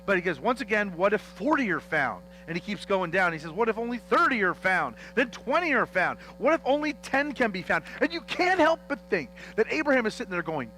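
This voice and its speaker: A man preaching a teaching sermon as pastor, animated and joking as he acts out the dialogue of a Bible story in church. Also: sits high, brisk, hardly any pauses, faint music behind, rough recording.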